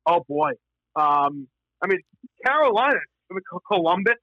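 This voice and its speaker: A man's voice: sits high, very animated, no room sound, dull audio. A man talking hockey in a casual panel chat, stumbling and restarting as he argues his points. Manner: halting, many restarts.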